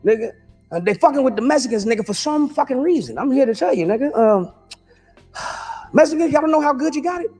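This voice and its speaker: A man performing a stand-up comedy routine, riffing loudly and profanely with big swings in pitch. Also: lively intonation, brisk, soft background music.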